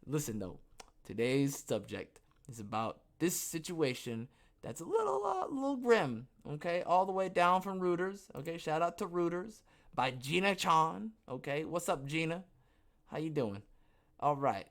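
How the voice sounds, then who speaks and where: A man hosting a podcast alone, reading a news story aloud with a jokey, rambling delivery, frequent "okay?" asides and sudden jumps in pitch and loudness. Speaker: podcast host.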